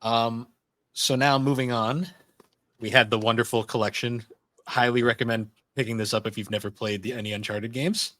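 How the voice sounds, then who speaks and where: Guy hosting a gaming podcast, steady and methodical, dry close mic. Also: mid-range voice, moderate pace, no echo. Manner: steady, reviewing games point by point. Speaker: podcast host. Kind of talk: casual podcast chat.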